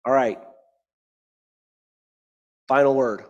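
A man's voice: a little high, moderate pace, darkish tone, in a large hall. A man preaching a sermon, reading scripture aloud and then explaining it, often checking in with the listeners. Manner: reads scripture then explains it, with frequent "right?" asides.

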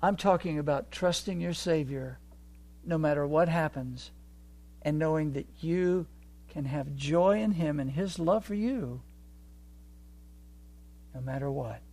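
A man preaching a sermon, moving from quiet reflection to loud, fervent exhortation. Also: fairly high pitch, measured pace, pauses often.

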